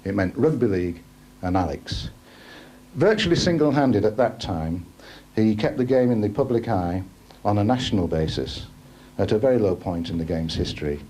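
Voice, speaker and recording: A man giving an earnest, measured tribute speech at a dinner. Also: on the low side, animated, a little mellow. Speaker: tribute speaker.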